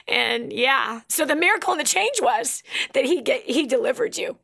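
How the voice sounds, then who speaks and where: Radio host, woman, passionate preacher-like delivery, bright tense tone, slightly high. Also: lively intonation, moderate pace, vocal fry, few pauses. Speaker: radio talk show host. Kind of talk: motivational radio talk.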